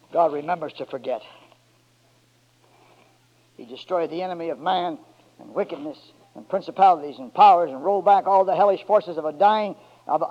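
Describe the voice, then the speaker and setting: A high-voiced man preaches a sermon, dropping low and quiet and then climbing to loud, stretched-out shouts. The recording sounds dull and lo-fi. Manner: drawn-out emphatic words in call and response.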